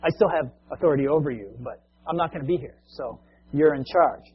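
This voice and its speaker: A male preacher telling a long story as a sermon illustration, in a conversational, animated way, on a muffled lo-fi recording. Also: fairly high pitch, fairly quick, slight background noise.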